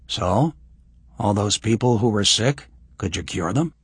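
A man's voice: fairly low pitch, animated, measured pace, breathy edge, no echo, full character voice. Man voicing an easygoing curious young man. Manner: casual, friendly questions.

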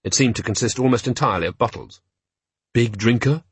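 Husky guy reading a storybook, measured and wry, dry sound. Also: mid-range voice, no echo. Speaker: audiobook narrator. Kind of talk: scripted narration.

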